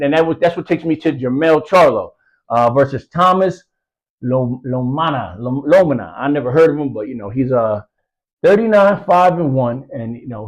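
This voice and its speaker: A man's voice: mid-range voice, darkish tone, dull audio. A man giving casual boxing commentary, rambling with lots of fillers and street slang, from the US East Coast. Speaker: boxing news vlogger.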